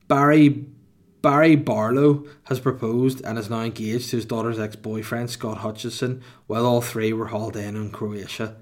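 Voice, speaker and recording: A man in his thirties hosting a comedy podcast alone, rambling through irreverent, sweary asides. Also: medium pitch. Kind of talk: comedic solo podcast monologue.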